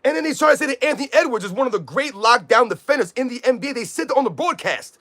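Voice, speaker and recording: Man, very high voice, loud combative rant, sports live stream host. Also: animated, fast. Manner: talks to chat viewers by name. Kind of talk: ranting live stream commentary.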